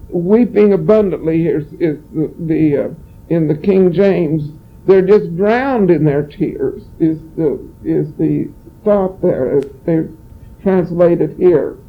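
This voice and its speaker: A man leading a Bible study, reading scripture slowly and stopping with many halts and restarts to explain what names mean. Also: high voice. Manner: slow, halting, explains word meanings between verses. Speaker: preacher. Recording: tinny phone-like recording.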